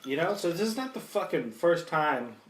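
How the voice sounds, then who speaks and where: A man's voice: a little high, sing-song, normal speed, slight background noise. A man in his thirties, a podcast host, telling a profane story in casual chat. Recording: echoey room, mic at a distance.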